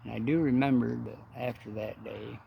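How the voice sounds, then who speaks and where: A man's voice: mid-range voice, steady tone, moderate pace, creaky, breathy edge, narrow, tinny audio. A man telling a folksy, profane story in a casual, rambling way.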